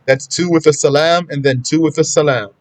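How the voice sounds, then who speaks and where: Speaking a little fast in a steady, slightly high voice, this male Islamic studies teacher leads a class on prayer from a legal text. He explains each step and reads Arabic quotations aloud, then translates them. The recording is dry, and his teaching is plain and chatty, with remarks aimed at the students.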